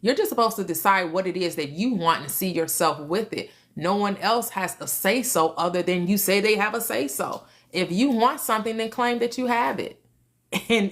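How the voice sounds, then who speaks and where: A woman's voice: mid-range voice, moderate pace, fairly bright tone. A woman hosting a livestream on manifestation, teaching casually and answering questions from chat. She laughs often, repeats words and restarts her sentences.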